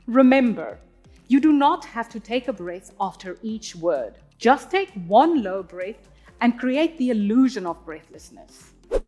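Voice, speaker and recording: A woman, an opera singer, giving a clear, teacherly singing lesson and sounding out Italian words as she explains. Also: a little high, very animated, measured pace, darkish tone, soft background music. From South Africa. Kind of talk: instructional talk on singing.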